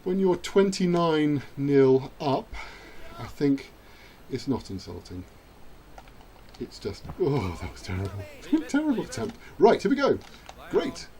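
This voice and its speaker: A man's voice: mid-range voice, big pitch swings, takes it slowly, dark tone. A man chatting his way through a rugby video game, self-mocking and now and then cheering at the screen. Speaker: gaming channel host. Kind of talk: let's-play commentary.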